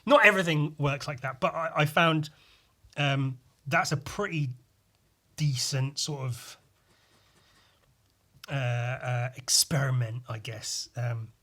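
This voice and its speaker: A man's voice: mid-range voice, slow pace, long pauses, bright, forceful tone. A young man hosting a solo podcast, rambling in a meandering way with lots of swearing. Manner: meandering, full of fillers and swearing. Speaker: podcast host.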